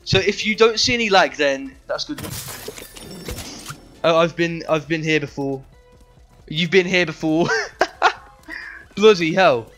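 A man's voice: on the high side, slow, long pauses, a bit bright, soft background music. A young man livestreaming a game, bantering with chat in a sweary, joking way. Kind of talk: live game streaming chat.

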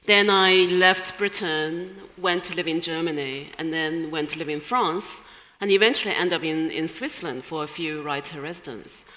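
A woman's voice: sits low, moderate pace, pushed and bright. A woman from China with a Chinese accent, answering questions as a guest writer in an onstage interview, thoughtful and given to small laughs. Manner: thoughtful, laughs between phrases. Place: large hall at a live event. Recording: hall reverb from a live stage.

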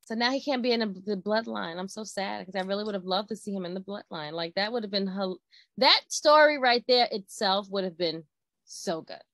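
A woman co-hosting a casual wrestling chat, talking fast with many fillers. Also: medium pitch, a bit bright, no echo. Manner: chatty, full of "like" fillers, confused and emphatic. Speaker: wrestling show co-host.

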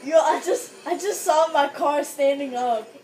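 A woman chatting casually with friends while gaming, loud and excitable, swearing freely. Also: high-pitched, unhurried, soft background music, low-quality recording. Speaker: gamer playing with friends.

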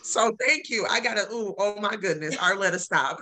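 A bright-toned woman on a casual panel chat. She speaks with heartfelt emotion, close to tears as she thanks everyone. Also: medium pitch, normal speed.

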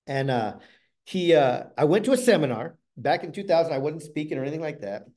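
A middle-aged man telling a motivational story from the stage. His voice sits a little high for a man, yet sounds mellow and warm. He swings between loud, animated bursts and quiet, hushed asides. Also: brisk. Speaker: motivational speaker.

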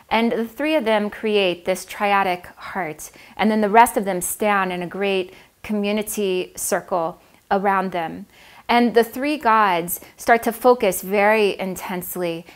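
A woman telling an old myth aloud, with expressive, dramatic emphasis on key moments. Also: medium pitch. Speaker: storyteller. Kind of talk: oral myth storytelling.

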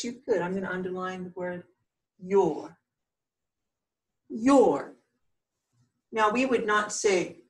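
A woman's voice: fairly low pitch, far from the mic, poor audio. A woman teacher giving a patient grammar lesson, repeating points and checking in with "right?". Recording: voice from across the room.

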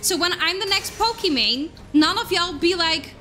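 A young woman streaming a game live, chatting with her viewers in an excitable way and swearing now and then, with faint game music behind her. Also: very high-pitched, moderate pace, few pauses. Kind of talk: casual live-stream chat while gaming.

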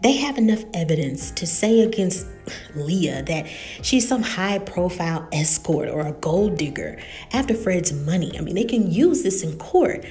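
Lively mellow-voiced woman recapping a show. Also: fairly low pitch, moderate pace, faint music behind. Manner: animated retelling with quoted dialogue. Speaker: TV recap host. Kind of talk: casual TV episode recap.

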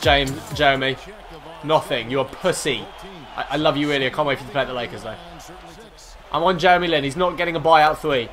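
A man giving hyped gameplay commentary, shouting and swearing at the game. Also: on the high side. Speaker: gamer. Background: game music.

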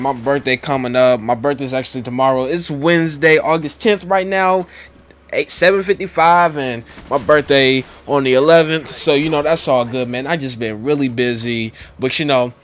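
Teen boy, gaming commentator: high-pitched, swooping delivery, brash and profane, rambling filler-heavy chatter. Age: teenager. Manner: brash, profane trash-talking slang; rambling, with lots of "you know" and "boy". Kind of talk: casual gameplay commentary.

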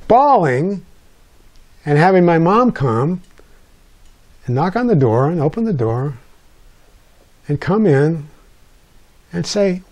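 With a fairly high-pitched voice, an older author from the United States recounts something from his own life. He's animated and wry, slipping in quiet asides.

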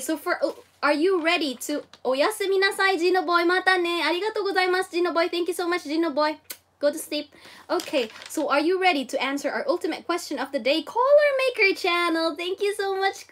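A woman's voice: very high-pitched, a bit bright. A woman with a Filipino accent hosting a casual livestream Japanese lesson, bubbly and exclaiming often as she reads viewer comments. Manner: bubbly, exclaims and giggles often, code-switches. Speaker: livestream host teaching Japanese.

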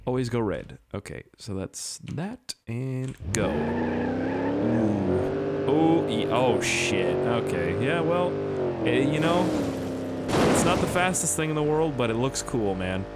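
An excitable young man talks over his gameplay into a desk mic. His pitch swings widely as he jumps from squeaky shouts to low, muttered asides. He rambles, swears freely and keeps an easy, chatty flow. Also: slow, creaky, heavy background noise. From Canada. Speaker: gaming video host. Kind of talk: casual gameplay commentary.

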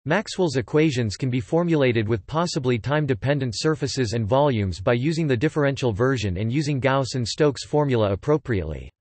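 A synthetic male voice reads an encyclopedia article in a flat, even manner, spelling out formula markup letter by letter. Its pitch sits in a middling range for a man. The sound is close and dry, with no room around it. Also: fairly quick, hardly any pauses, no room sound. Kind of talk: text-to-speech article reading.

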